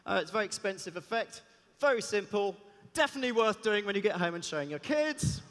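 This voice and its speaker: A man, a cellist giving a lively talk on stage, chatty and joking in asides. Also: high-pitched, fast. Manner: chatty, self-deprecating, jokey asides. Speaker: conference speaker and cellist. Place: large hall on stage. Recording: long reverb of a big hall.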